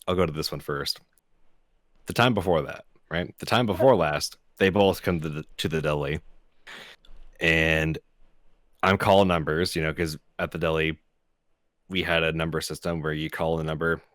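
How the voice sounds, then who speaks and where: A man's voice: rumbling low, steady tone, normal speed, a bit bright, dry recording. A young man co-hosting a podcast, telling profane stories about his job and laughing often. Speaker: podcast co-host. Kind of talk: casual storytelling chat.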